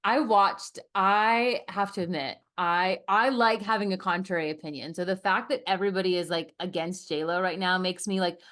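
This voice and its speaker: A woman's voice: fairly low pitch, normal speed, hardly any pauses, a bit bright. A young woman co-hosting a podcast, talking in a loose, casual way and saying "like" a lot. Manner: chatty, filler-heavy, often says "like". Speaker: podcast co-host, strength coach. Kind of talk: casual chat.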